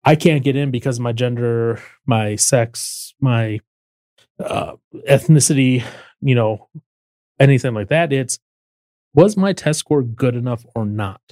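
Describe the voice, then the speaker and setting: A man's voice: mid-range voice, measured pace, warm tone, no echo. Man, casual political podcast host, earnest explainer, dry recording. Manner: earnest, explains step by step with restarts.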